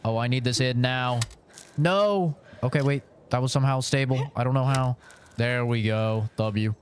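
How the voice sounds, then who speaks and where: This is live gaming commentary from a tired young man with a mid-range voice and a moderate pace, recorded with slight background noise. Worn down by a long session, he talks to himself while playing, swearing and breaking into excited outbursts.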